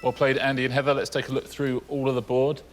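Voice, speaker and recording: A man's voice: mid-range voice, flat delivery, fast talker, background noise. A man co-hosting a TV quiz show, chatty and enthusiastic as he explains the answers. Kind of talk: game show chat. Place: TV studio.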